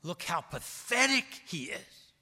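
A man voicing a scornful male Roman governor, speaking loudly and dismissively in a sermon. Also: sits high, sing-song, unhurried, exaggerated voice. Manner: loud, emphatic and dismissive. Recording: long hall reverb.

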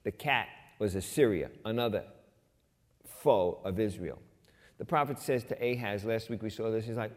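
A middle-aged man preaching a sermon as pastor, conversational, rising loud for emphasis and dropping quiet for personal asides. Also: fairly low pitch, normal speed. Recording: long hall reverb.

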